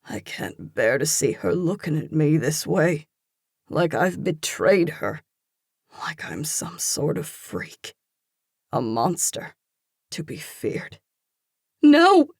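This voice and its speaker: Romance audiobook narrator: gravelly, unhurried, intense and hushed. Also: medium pitch, animated, dry recording, clean studio sound. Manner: slow, intense, hushed delivery.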